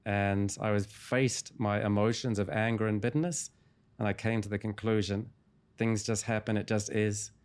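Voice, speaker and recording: A man, a hypnotherapist guest in an interview, calmly retelling a client's session in a measured storytelling way. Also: lowish voice, clear, resonant tone.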